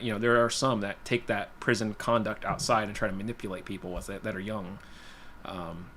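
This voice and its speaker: Fast-talking man rambling through a story. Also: mid-range voice, fairly bright tone, slight background noise. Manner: rambling, full of "you know" and "like"; blunt, plainspoken. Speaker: guitar livestream host. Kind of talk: casual personal storytelling.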